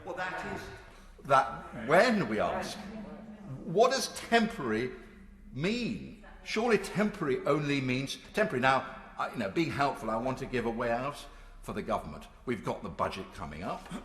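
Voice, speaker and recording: An older man in his sixties delivers a parliamentary speech, emphatic and rhetorical with a dry, sarcastic edge. His pitch swings widely as he presses each point. The voice rings through a large chamber with a long, echoing reverb. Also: very animated, moderate pace, fairly bright tone. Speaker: member of parliament.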